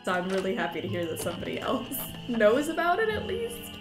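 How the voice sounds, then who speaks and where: With game music echoing around the room, a woman plays a detective game and gives casual commentary, chatting, giggling and reacting out loud. She speaks fairly quickly in a fairly high voice with huge pitch swings.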